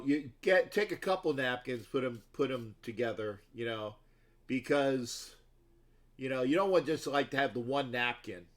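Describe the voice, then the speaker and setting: A man with a mid-range, slightly bright voice hosts a sports talk livestream. He chats loosely with viewers, rambling through stories full of restarts and asides.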